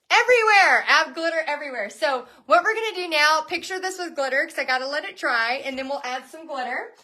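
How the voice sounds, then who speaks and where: A woman hosting a live online painting class, talking in an energetic, chatty way and often restarting her sentences. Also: sits high. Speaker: painting instructor and bootcamp host.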